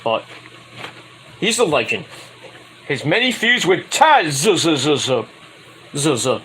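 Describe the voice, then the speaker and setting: A man's voice: a little high, sing-song, takes it slowly, long pauses, bright, forceful tone, a little hiss or hum, rough recording. A man ranting in a casual, rambling, profane style as a wrestling vlogger.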